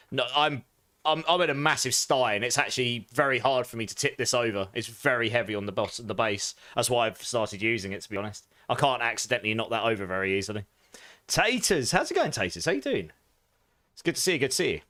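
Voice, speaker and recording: Bright-voiced, chatty male streamer. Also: medium pitch, dry recording. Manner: chatty, greets viewers, laughs often. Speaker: game streamer. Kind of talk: casual live stream chat while gaming.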